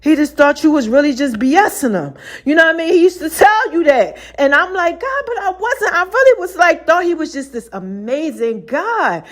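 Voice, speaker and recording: A woman hosting her own podcast, talking through her faith in an animated, slang-heavy way and often laughing. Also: high-pitched, moderate pace, few pauses. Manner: conversational slang-heavy delivery, addresses listeners directly. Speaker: podcast host. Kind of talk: casual faith talk monologue.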